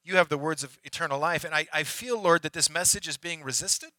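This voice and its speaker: A man's voice: fairly high pitch, a little fast, sharp tone, no echo, poor audio. A man preaching a sermon as pastor, talking candidly and conversationally with frequent restarts. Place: church sanctuary.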